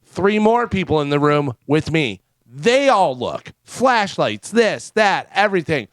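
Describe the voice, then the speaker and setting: A man co-hosting a morning radio show, telling a lively anecdote in casual chat from the studio. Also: a little high, a little slow, no echo. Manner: animated anecdote teller with laughs and quoted voices. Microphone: studio microphone.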